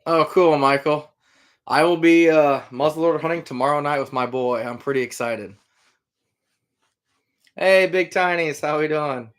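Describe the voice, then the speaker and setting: A man's voice: a little high, normal speed, long pauses. A middle-aged man from Iowa hosting a casual livestream, answering viewer comments in an easygoing, rambling way with lots of fillers. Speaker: livestream host, trapper and hunter.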